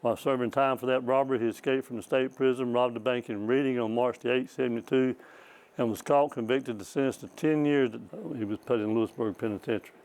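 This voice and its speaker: Speaking fast in a steady, smooth, somewhat dark mid-range voice, this retired state trooper meanders through a folksy talk at a small library. He's an older man who repeats words as he goes and laughs at his own tales, and the audio is poor.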